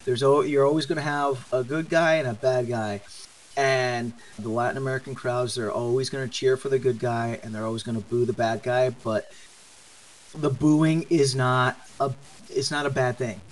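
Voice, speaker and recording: A man co-hosting a wrestling podcast in casual chat, relaxed and explanatory, with halting restarts. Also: medium pitch, poor audio. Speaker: podcast co-host.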